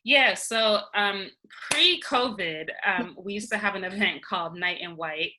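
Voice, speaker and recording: A woman speaking as the guest in an interview, talking earnestly and personally about her own experience with frequent pauses and ums. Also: medium pitch, noisy background. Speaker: interview guest, nonprofit founder. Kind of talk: candid conversational interview.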